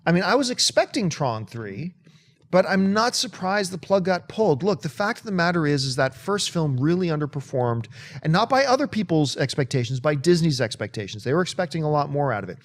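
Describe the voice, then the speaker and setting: Guy cohosting a movie show, talks animated and emphatic, kinda high voice. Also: fast talker. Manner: animated, emphatic, breaks into sung bits. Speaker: co-host of a movie talk show. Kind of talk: casual movie chat.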